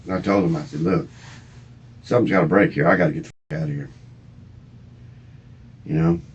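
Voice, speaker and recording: A man's voice: rumbling low, brisk, slightly rough. A distraught middle-aged man, rambling and swearing through a police interview. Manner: rambling, profane, agitated. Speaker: murder suspect being interviewed. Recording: muffled lo-fi interview recording.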